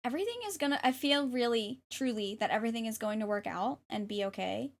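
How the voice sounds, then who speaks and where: A woman's voice: on the high side, quick pace, creaky. A woman streamer and tarot reader chatting casually on a livestream, reading chat aloud and thanking viewers in a bubbly way, at times trying a playful English accent. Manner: jokingly puts on an English accent.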